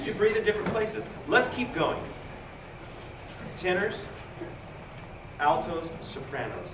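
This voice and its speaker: Recorded from far away in a large, echoey rehearsal room, a man leads a choir, counting in beats and coaching through jokey asides. His voice is high and very animated, yet he takes his time. The room mic is distant, and the choir's singing makes the recording very noisy.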